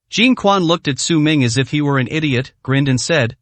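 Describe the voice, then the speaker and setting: A man narrating a dramatic story in a steady, scripted reading. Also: fairly high pitch, moderate pace, few pauses, no echo.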